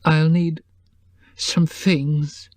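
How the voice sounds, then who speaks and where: Guy putting on a wailing teary woman, way higher voice, sobbing, dry close sound. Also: little pitch movement, very slow, a little mellow, no room sound. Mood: distraught. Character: distraught tearful middle-aged woman.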